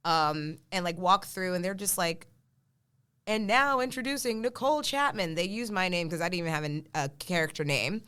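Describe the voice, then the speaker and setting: A woman telling an animated story in casual chat, acting out the lines of people she quotes. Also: fairly low pitch, moderate pace, smooth. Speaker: podcast guest.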